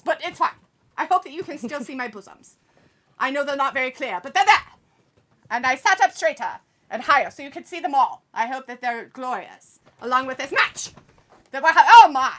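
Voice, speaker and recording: Woman hosting a live watch-along, teasy and giggly, calls everyone darling, voice swings up and down a lot, bit high. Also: sharp tone. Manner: teasing, calls people darling, giggly asides. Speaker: watch-along stream host. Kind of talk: playful live commentary and chat reading.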